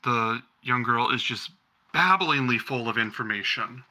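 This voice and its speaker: A man acting as game master, narrating a tabletop game in a loose, rambling way. His voice is bright and sharp, and he fills the story with ums. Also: mid-range voice, unhurried.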